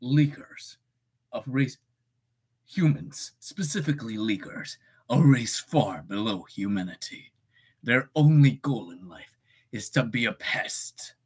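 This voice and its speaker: A sneering villainous demon, put on by a woman speaks in a low, slow, menacing drawl. The voice is husky and pitched well below her own, full of contempt for humans. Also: lively intonation, heavily acted. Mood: contemptuous.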